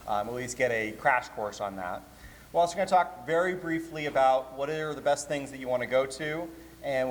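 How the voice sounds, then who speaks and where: A man, a convention's programming director, giving a joking, chatty panel talk to a live audience. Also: medium pitch. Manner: joking, chatty, lively with laughs. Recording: hall reverb, faint room noise.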